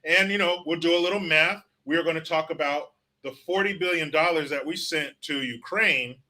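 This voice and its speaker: A man with a slightly high, bright, forceful voice hosts a political commentary livestream at a moderate pace. He rants bluntly and sarcastically, swearing heavily while reading out chat comments.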